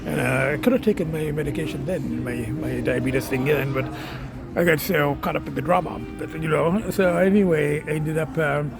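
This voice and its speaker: A man's voice: on the high side, moderate pace, gravelly, music in the background. A middle-aged man from Canada vlogging casually to a phone camera, rambling with many hesitations and restarts, blunt and swearing when annoyed. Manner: rambling, hesitant, full of you-knows and restarts. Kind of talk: casual vlog talk to camera. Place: car, restaurants and shops.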